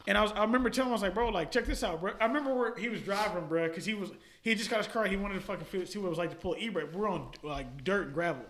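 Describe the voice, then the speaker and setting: A man talks fast and animatedly, his voice high-pitched and bright. He tells stories in casual, slangy, profane chat as a podcast guest and laughs often. The room around him is echoey. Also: slight background noise.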